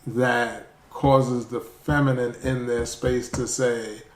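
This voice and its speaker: A man's voice: mid-range voice, flat delivery, slow. Frank podcast host man, echoey room. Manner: frank, earnest, swears casually. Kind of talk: casual podcast chat.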